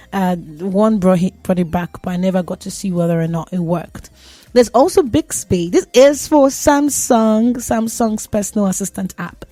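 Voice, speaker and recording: A woman's voice: mid-range voice, dark tone, no echo. A young woman hosting a radio show, talking about tech in a chatty, joking way and laughing at herself. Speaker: radio host. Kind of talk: casual tech talk on radio.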